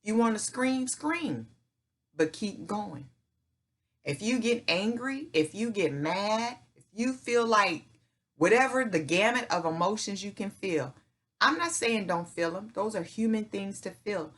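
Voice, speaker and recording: With lively intonation and a measured pace, a middle-aged woman on her own channel speaks in a mid-range, fairly bright voice. Like a preacher, she pushes a motivational faith talk in folksy terms such as "y'all" and "ain't," repeating herself and asking "right?" and "okay?"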